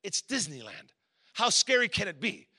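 A middle-aged man from Southern California, preaching as a guest, shares a personal story and performs lively voices for its characters. He has a high, slightly rough voice and keeps a moderate pace.

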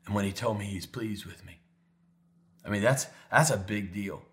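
A middle-aged man preaching as a pastor, telling a personal story with animated, emotional delivery that sinks to soft, tender tones. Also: fairly low pitch, normal speed. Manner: emotional, animated storytelling, drops to near whisper when tender. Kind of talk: sermon storytelling.

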